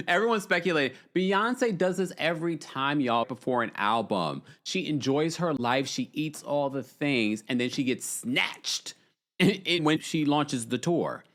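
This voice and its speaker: A male host chatting on a live stream, reading viewer comments in a sassy, animated way. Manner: animated, sassy, swooping pitch.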